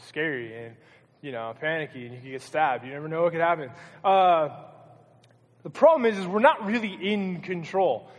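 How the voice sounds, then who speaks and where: A young man preaching a casual, joking youth sermon as pastor. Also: on the high side. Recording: hall reverb.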